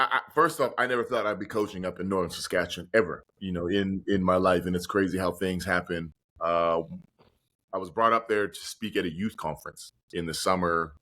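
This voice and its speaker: A man's voice: low voice, fairly bright tone. A man speaking earnestly and reflectively as a podcast guest and motivational speaker. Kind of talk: conversational interview.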